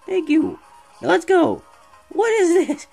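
A streamer giving casual let's-play commentary, excitable and rambling, talking back to the game. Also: very high voice, slow pace, gravelly, soft background music. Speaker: gameplay streamer.

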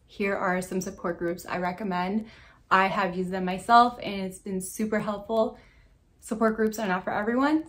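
Earnest woman vlogger speaking to camera. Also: mid-range voice. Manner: earnest, supportive, speaks directly to the viewer. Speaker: vlogger sharing personal experience. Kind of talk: casual talking-to-camera vlog.

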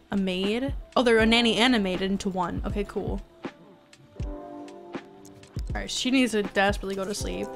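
A woman's voice: medium pitch, gravelly. A young woman streaming a life-sim game, chatting casually and sounding exasperated as she pleads with her characters.

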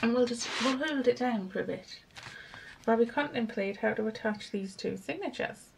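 Speaking at a moderate pace in a slightly high voice, a woman chats her way through a crafting tutorial for her vlog. She thinks aloud while working and pokes fun at herself. Background noise is clearly audible in this home recording.

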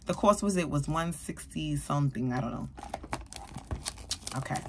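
A woman beauty vlogger, likely in her thirties, reviewing a perfume in an animated, chatty way and talking straight to her viewers. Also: low voice, moderate pace, background noise. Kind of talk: casual product review.

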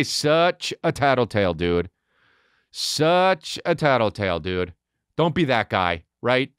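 A man hosting a comedy podcast, reacting to a clip with loud, profane, laughing commentary. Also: mid-range voice, very animated, unhurried, smooth, no room sound, studio quality. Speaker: podcast host.

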